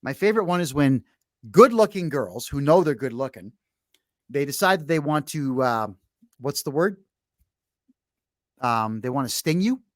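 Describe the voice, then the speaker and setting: Speaking at a moderate pace with a medium-pitched, sing-song voice and long pauses, a brash middle-aged podcast host bluntly tells a long story in casual chat. He often restarts and uses fillers, and the studio-quality audio has no room sound.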